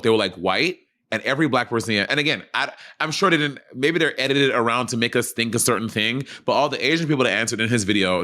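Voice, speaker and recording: A man co-hosting a podcast chats casually, telling stories in a rambling way and correcting himself as he goes. His voice is medium-pitched with a sharp tone.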